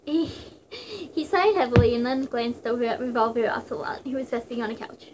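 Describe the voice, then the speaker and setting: Giggly high-voiced young woman reader. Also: animated, fairly quick, background noise. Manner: giggly and rambling. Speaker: channel host reading fan fiction. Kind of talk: casual story reading.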